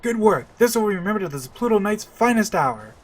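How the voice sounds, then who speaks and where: A man voicing an earnest, blustering knight captain, declaiming loudly with a raised, puffed-up tone. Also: high-pitched, very animated, a little fast, pitched above the performer's own voice. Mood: heroic, proud.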